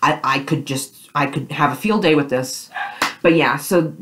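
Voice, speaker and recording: Low-voiced young woman gushing about a show. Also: normal speed, background noise. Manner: gushing, rambling, lots of fillers. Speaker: vlogger. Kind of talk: excited fan reaction vlog.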